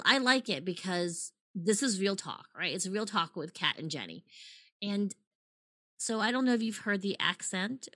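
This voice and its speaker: A middle-aged woman hosting a podcast, with a slow, deliberate announcer delivery. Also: mid-range voice, bright, forceful tone. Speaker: podcast host. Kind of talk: scripted intro then casual chat.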